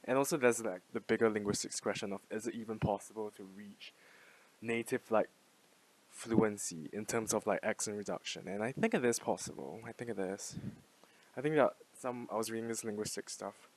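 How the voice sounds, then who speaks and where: A young man in his twenties, a language-learning vlogger, talks briskly in a lowish voice. It's an unscripted, rambling casual monologue with lots of fillers, casual swearing, and frequent laughs.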